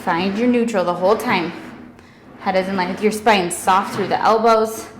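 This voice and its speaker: Over a noisy background, a young female fitness instructor cues a workout at normal speed with energetic counting and whoops, occasionally short of breath. Her voice sits in the mid range.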